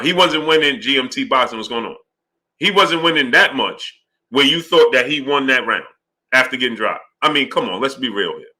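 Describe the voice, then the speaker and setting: A man hosting a live boxing talk stream, arguing heatedly and greeting viewers by name. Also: mid-range voice. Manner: animated and heated, greets chat names.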